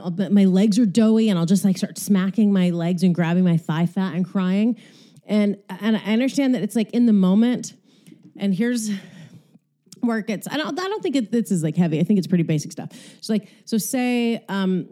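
A woman talks in a loose, rambling way while she works out, short of breath between phrases. Her voice is warm and mellow. She swears freely in a candid, unpolished monologue. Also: mid-range voice. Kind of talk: casual monologue while exercising.

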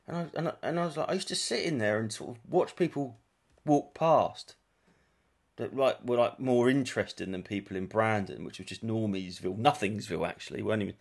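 Chatty English comedian rambling casually. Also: male voice, fairly low pitch, vocal fry. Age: 40s. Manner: chatty storyteller, swears freely, quick asides and self-corrections. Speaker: comedian and podcast host.

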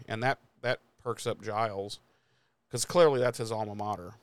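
A man's voice: lowish voice, normal speed, smooth, no echo. Casual, profane man recapping a show. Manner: profane, laughing, acts out lines from the show. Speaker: podcast co-host. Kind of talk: casual chat recapping a TV episode.

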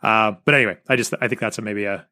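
Bright-voiced American host. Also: male voice, fairly low pitch, fairly even intonation, fast, dry recording, clean studio sound. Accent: American English. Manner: explanatory, side remarks to listeners. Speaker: podcast host. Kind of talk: casual interview chat.

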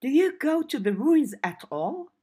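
A woman's voice: high voice, big pitch swings, unhurried, dark tone, voice pushed up. Woman reading a blunt young woman asking questions. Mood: questioning. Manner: direct, questioning.

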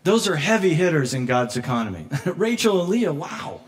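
A man preaching a sermon as pastor, conversational and animated, laughing often and acting out quoted voices, moved close to tears at times. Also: on the high side, moderate pace, few pauses. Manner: emotional, near tears at moments.

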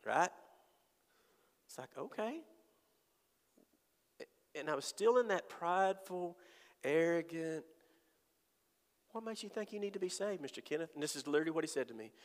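Male preacher, gravelly voice, lively storytelling testimony, long hall reverb. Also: medium pitch. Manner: animated storytelling with voiced quotes. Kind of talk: sermon testimony.

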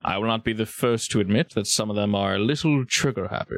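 Guy doing a polite smooth enemy commander, formal and courteous, dry mic. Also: on the low side, quick pace, fairly bright tone, dry recording. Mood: suave.

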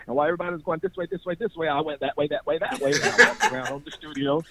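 He speaks very fast with few pauses, his voice a little high, as this North Carolina man casually relates his life story. He acts out voices, repeats words and often laughs, and the audio is tinny, like a phone over the radio.

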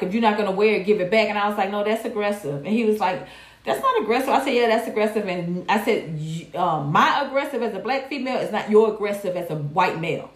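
Blunt profane woman. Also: medium pitch. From Georgia, USA. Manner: blunt, profane and animated, reading viewer comments. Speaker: livestream host. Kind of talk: candid casual commentary. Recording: roomy echo.

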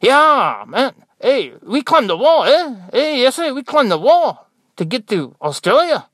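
A man's voice: very high-pitched, very animated, measured pace, fairly bright tone, no room sound, studio quality, pitched above the performer's own voice, heavily acted. A man putting on a teasing, slangy voice, playing a man who claims to be from New Zealand.

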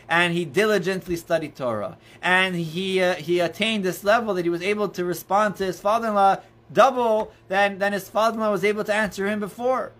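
Man, rabbi teaching a class, fairly high voice, chatty storytelling, lots of restarts and fillers. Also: a little fast, a bit bright. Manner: conversational, many restarts and "you know"s, storytelling. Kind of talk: informal Torah lesson. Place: indoors near books.

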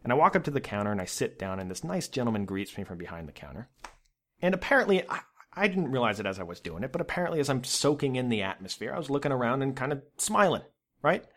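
A male podcast host telling a story about himself in an animated, self-mocking way. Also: medium pitch, fast. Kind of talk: storytelling monologue.

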